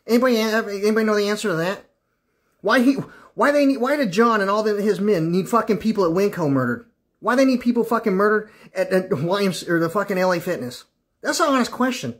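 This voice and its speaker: A man on a livestream, ranting in an agitated, profane monologue, firing off repeated questions, stumbling over words and breaking into laughter. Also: high voice. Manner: frequent bursts of laughter mid-rant. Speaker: live streamer.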